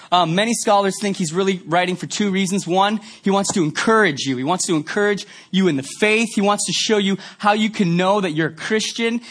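A man's voice: sits high, a bit bright. A man from Canada giving a conversational sermon in a church, telling stories with many fillers. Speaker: pastor. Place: church sanctuary.

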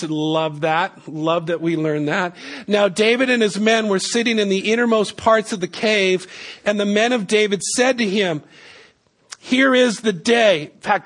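A man's voice: high voice, fairly bright tone. A middle-aged man, a pastor, preaching a conversational sermon with humorous asides and storytelling.

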